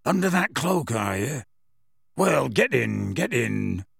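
A man doing a gravelly gruff giant groundskeeper. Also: medium pitch, big pitch swings, slow pace, dry recording, exaggerated voice. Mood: hasty. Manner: gruff, blustering, dismissive. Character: huge gruff male groundskeeper giant, battered. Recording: dry close recording.

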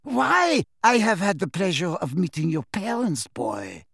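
A man voicing a gleeful, cruel, unhinged witch who taunts in a shrill voice. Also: huge pitch swings, a little slow, gravelly, fairly bright tone, breathy edge, no room sound, studio quality, full character voice.

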